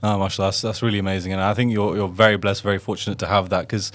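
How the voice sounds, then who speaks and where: A man's voice: deep voice, flat delivery, racing. A man hosting a podcast who reflects on his guest's story in a casual way, thinking aloud with restarts. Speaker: podcast host. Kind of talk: casual interview chat.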